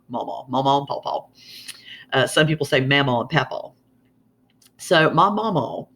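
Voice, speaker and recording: Folksy and chatty, a Southern Appalachian man explains regional sayings in a drawn-out twang. He is from Southern Appalachia, USA, and his medium-pitched voice is a bit bright.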